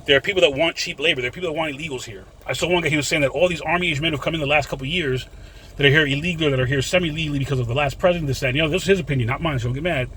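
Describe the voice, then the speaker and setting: A man in his thirties talks quickly and rambles, chatting to his viewers as folks in a casual vlog. His voice sits a little high. Faint traffic hums around him outside. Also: a bit bright, poor audio. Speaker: vlogger. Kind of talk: casual rant to camera.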